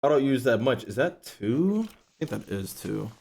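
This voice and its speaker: A young man, casually telling a profane, animated story while playing a game. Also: normal speed, creaky, a little hiss or hum. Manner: profane, animated storytelling, rising pitch when retelling outrage. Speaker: gaming YouTuber. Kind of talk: casual storytelling over gameplay.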